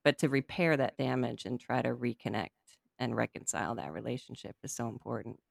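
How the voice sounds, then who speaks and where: A woman's voice: rumbling low, a little fast, creaky, dry recording, clean studio sound. A woman hosting a podcast, talking in a chatty way with light laughter. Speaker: podcast host. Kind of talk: casual podcast conversation.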